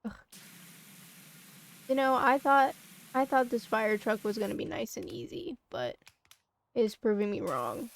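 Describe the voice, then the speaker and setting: Woman streamer talking to herself while gaming, a bit high pitched, casual. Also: expressive, a little slow, vocal fry, long pauses. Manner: mutters to herself while playing. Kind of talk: casual gameplay chatter.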